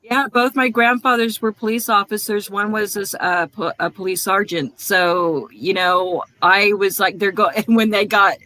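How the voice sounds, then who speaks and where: A woman's voice: mid-range voice, fairly even intonation, moderate pace, hardly any pauses, pushed and bright, low-quality recording. A woman hosting a casual chat, reflective and talkative, trading her own stories. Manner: reflective, chatty, trades stories. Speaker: host.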